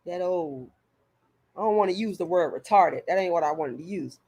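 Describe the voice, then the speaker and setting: A woman's voice: lowish voice, sing-song, moderate pace, gravelly, mellow, husky. A woman vlogger delivering a heated, profane rant straight to her viewers, stumbling over repeated words as she pushes her point. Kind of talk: direct-to-camera rant.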